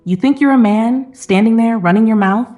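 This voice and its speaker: A woman voicing a cold, mocking, controlling husband who speaks low and menacingly. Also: moderate pace, mellow, faint music behind, lightly acted.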